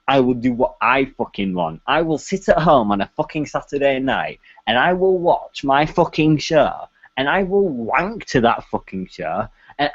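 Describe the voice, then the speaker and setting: A man's voice: mid-range voice, muffled recording. A man putting on an arrogant male TV showrunner who scorns the fans, smug, boastful and profane.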